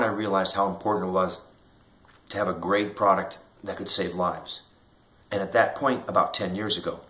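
A man's voice: low-pitched, sharp tone. A middle-aged man with a Midwestern American accent, an inventor telling an earnest story straight to the camera, acting out the voices in it. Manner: earnest storytelling, acts out quoted dialogue. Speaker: inventor and company founder. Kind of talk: direct-to-camera promotional talk. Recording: echoey room.

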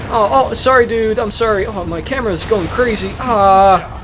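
A young gamer giving casual let's-play commentary, excitable and full of exclamations. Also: medium pitch, moderate pace, background noise. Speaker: gaming commentator. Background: game music.

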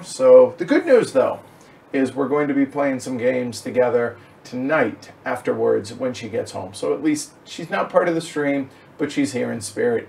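Chatty board game host, a bit off-mic. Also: male voice, medium pitch, gravelly, a little mellow, far from the mic, a little hiss or hum. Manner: upbeat, chatty, with many fillers. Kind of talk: casual chat.

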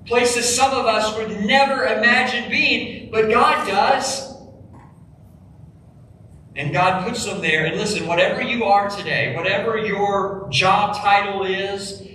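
A man preaching a sermon in a church sanctuary, his high, bright voice carried slowly and deliberately. He presses his points with emphasis, then sinks low and quiet on the key phrases. The sound is heavily echoey and a little distant, with a faint hum of the room behind him. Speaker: pastor.

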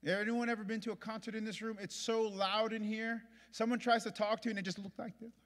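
A male pastor preaching a sermon in a large church auditorium, repeating his points and moving from hushed to loud. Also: high voice, flat delivery, fast. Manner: impassioned, repetitive preaching that swings from hushed to loud. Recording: long hall reverb.

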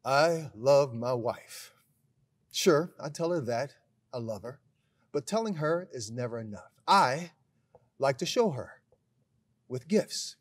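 A man, a school principal, giving a recorded graduation speech, telling a humorous story with deadpan timing and then addressing the graduates with emphatic pride. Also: mid-range voice, measured pace, pauses often. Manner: emphatic, builds to proud address.

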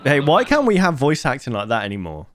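Young male host, casual mid-pitched reaction chatter with jokey asides. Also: wildly swooping pitch, fast, faint music behind.

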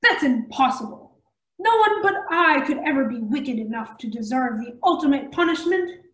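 A woman's voice: high voice, lively intonation, reverberant, rough recording. Woman putting on a haughty evil warlord cat. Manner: haughty, slow and commanding. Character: grandiose evil male alien warlord cat.

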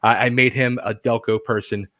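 A man, hosting a podcast and telling stories in a casual, animated way, acting out quotes and often restarting his sentences. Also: medium pitch, normal speed, dry recording. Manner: animated storyteller, acts out quotes, frequent restarts. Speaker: podcast host. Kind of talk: casual storytelling chat.

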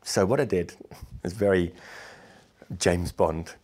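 A man speaks in a somewhat low register and tells travel anecdotes straight to camera. He is wry and lively and often acts out what other people said. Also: slow. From Britain. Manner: wry, amused asides. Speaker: musician recounting travels.

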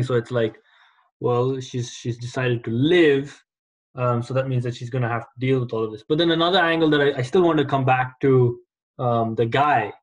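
A man co-hosting a casual film discussion, speaking in a measured way with "um" pauses. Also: mid-range voice, poor audio.

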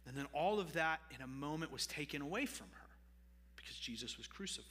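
A man's voice: fairly high pitch, expressive, fast, sharp tone, in a large hall. A man preaching a sermon as pastor, conversational, with asides to the congregation. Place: church sanctuary.

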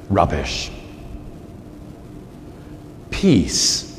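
Slow, animated older priest preaching. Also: male voice, fairly high pitch. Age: 60s. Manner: animated, emphatic repetition. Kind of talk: sermon. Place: large church. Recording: reverberant church, faint ambience.

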